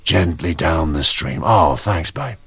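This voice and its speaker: A man voicing an easygoing young male technician with a relaxed, low drawl. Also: unhurried, slightly rough, dry recording, full character voice. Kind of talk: audiobook character voice.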